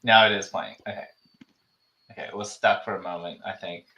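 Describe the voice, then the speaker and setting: Bright-voiced man hosting in an echoey room. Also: sits low, fairly even intonation, highs cut off. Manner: chatty, halting, restarts often. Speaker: podcast host. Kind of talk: casual chat, reading a listener letter.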